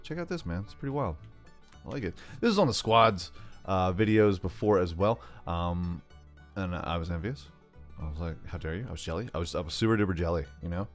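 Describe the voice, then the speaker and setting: A young man giving goofy, hyper commentary on his gameplay, jumping between loud yelps and mumbled asides. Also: deep voice, lively intonation, brisk. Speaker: gaming YouTuber. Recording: faint game music behind.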